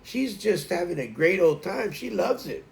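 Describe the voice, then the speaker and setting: Gravelly-voiced man chatting casually. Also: high voice, very animated, normal speed. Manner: rambling, trails off and restarts mid-sentence. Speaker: livestream host. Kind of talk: casual morning chat to viewers.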